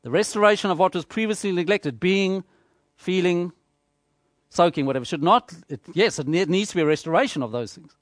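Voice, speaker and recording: A man preaching a sermon, measured and emphatic, repeating phrases for rhetorical effect. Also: sits high, no room sound, studio quality.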